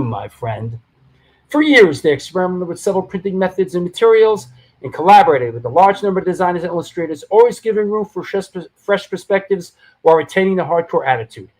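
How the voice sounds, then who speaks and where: Brief: high-voiced male livestream host, loose hyped announcer, stumbles and restarts. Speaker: show host. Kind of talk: livestream talk show chat.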